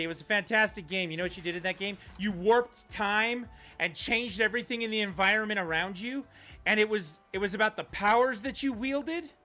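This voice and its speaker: A man's voice: sits high, brisk, bright, forceful tone, soft background music. A man streaming a video game, chatting casually and ranting bluntly, with some profanity. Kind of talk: casual livestream chat while gaming.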